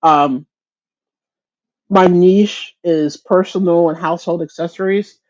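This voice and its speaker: Here a woman's low, darkish voice comes through with the highs cut off. Hosting a relaxed crochet livestream, she welcomes viewers by name, chats freely, and pokes fun at herself. Her speech is full of stumbles and restarted sentences.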